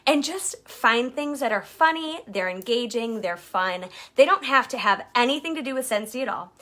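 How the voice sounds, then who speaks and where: A woman coaching her sales team in a chatty, motivational way, her voice sitting a little high and sounding sharp and bright. She slips into playful voices for the people she quotes. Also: animated, normal speed, few pauses. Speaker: direct-sales team leader.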